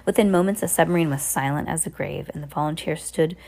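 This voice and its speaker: A woman's voice: deep voice, quick pace, a little mellow. A woman reading a children's novel aloud, with frequent slips and restarts. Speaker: narrator. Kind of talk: amateur audiobook reading.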